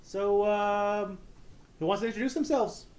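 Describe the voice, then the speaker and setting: A man's voice: sits high, fairly even intonation, measured pace, darkish tone, voice pushed up. A man playing an awkward, self-doubting male team leader who rambles.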